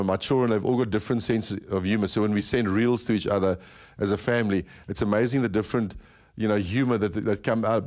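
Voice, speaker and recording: A South African man hosts a podcast interview at a brisk clip. His voice sits a bit low, and he talks in long, looping questions, often repeating words as he searches for the next thought. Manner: rambling, repeats words while thinking. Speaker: podcast host. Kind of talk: conversational interview.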